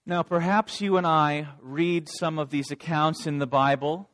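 A man's voice: fairly high pitch, steady tone, measured pace, fairly bright tone. Man preaching a sermon. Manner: addresses listeners directly.

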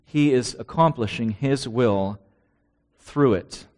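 A man's voice: mid-range voice, slow pace, darkish tone. A man preaching a sermon who reads out scripture verses and asks his listeners rhetorical questions.

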